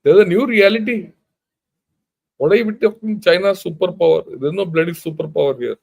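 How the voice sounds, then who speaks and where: A man's voice: high-pitched, brisk, gravelly, darkish tone, rough recording. An older man with an Indian English accent giving an informal, emphatic talk, blunt and full of rhetorical questions. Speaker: retired army general giving a talk. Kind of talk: informal lecture.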